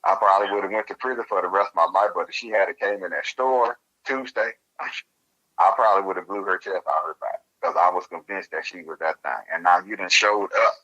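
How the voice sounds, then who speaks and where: A man with a Louisiana accent, telling a story as an interview guest. His voice sits very low but carries a bright, forceful edge. He talks in a loose, colloquial and animated way. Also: brisk, low-quality recording. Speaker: guest researcher.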